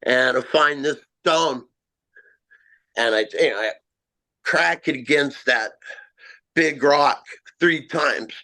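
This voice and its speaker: A middle-aged man telling a first-person story of a strange encounter, halting and self-mocking, with frequent restarts. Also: medium pitch, sharp tone, rough recording. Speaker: amateur Bigfoot researcher.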